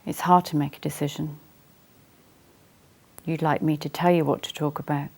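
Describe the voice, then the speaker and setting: Counsellor for a role-play: calm, unhurried, reflective; gravelly, mid-pitched voice. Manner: calm, slow, reflective, gentle questioning.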